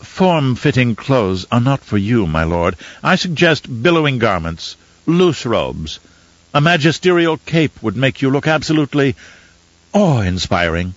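A man voicing a fussy, pedantic male etiquette advisor with a smooth, silky voice and overly proper, theatrical manner in an audiobook. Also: medium pitch, sing-song, measured pace, dry recording, highs cut off, voice pushed up. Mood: prim, instructive. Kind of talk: audiobook character reading.

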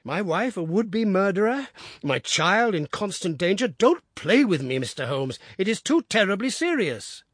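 A man voicing an anxious, earnest country gentleman who talks in a pleading, heartfelt way. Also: medium pitch, very animated, moderate pace, husky, dry recording, studio quality.

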